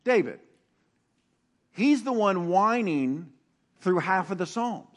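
A middle-aged man preaching a sermon with animated swings from loud emphasis to hushed, intimate tones. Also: sits high, slow. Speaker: pastor.

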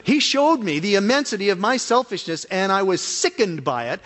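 A male associate pastor preaching a personal testimony, earnest and emotional, with big swings in pitch and force. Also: very animated, moderate pace, fairly bright tone, big-room sound. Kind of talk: sermon testimony.

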